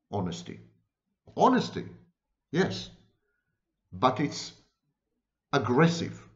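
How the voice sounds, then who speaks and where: A man's voice: medium pitch, darkish tone, muffled recording. A man giving an unscripted lecture on psychology, emphatic, often repeating and restating his phrases.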